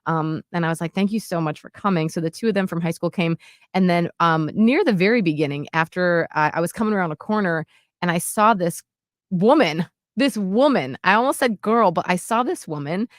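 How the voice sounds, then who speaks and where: A woman's voice: lowish voice, brisk, dry recording, studio quality. A woman in her late thirties, co-hosting a podcast and telling a personal story in an earnest, heartfelt way, with many "like"s and restarts. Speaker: podcast co-host. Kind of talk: casual storytelling chat.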